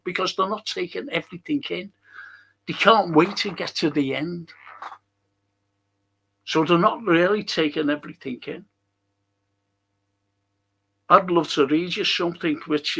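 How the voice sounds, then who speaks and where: A man's voice: fairly high pitch, creaky, bright, forceful tone. A middle-aged man with a Liverpool accent, hosting a casual live-stream chat, chatty and opinionated as he reads out viewer comments. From England. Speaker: host.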